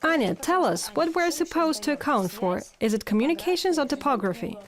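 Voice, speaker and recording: A woman's voice: high-pitched, very animated, fairly quick. A young woman cadet at a paratrooper school, telling her story in an earnest, reflective dubbed voice-over.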